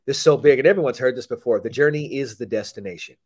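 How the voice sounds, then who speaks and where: Coach guy on a podcast, medium voice, blunt and sweary, gets animated doing other people's lines. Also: mid-range voice, quick pace. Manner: blunt and animated, swears freely, acts out quotes. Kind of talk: casual podcast conversation.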